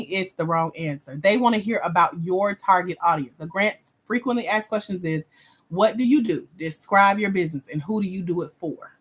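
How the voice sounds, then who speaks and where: A woman's voice: medium pitch, moderate pace, a bit bright. A woman hosting a livestream as a grant coach, reading viewer comments aloud and giving blunt, sassy feedback in casual slang.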